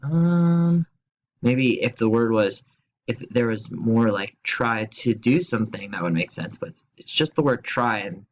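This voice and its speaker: A man whose voice sits on the low side, heard through dull audio, teaches a recorded grammar lesson remotely at his computer. His style is slow and clear, spelling words out, with jokes and playful quiz questions along the way.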